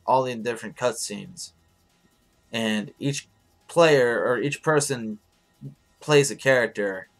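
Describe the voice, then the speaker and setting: A man hosting a live stream in casual chat, hoarse and rambling, swearing freely as he answers his viewers. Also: mid-range voice.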